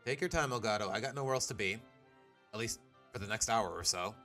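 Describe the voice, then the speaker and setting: A man's voice: on the low side, fast, bright, forceful tone, faint music behind. A young man chatting casually while live-streaming a game, joking and reading game dialogue aloud.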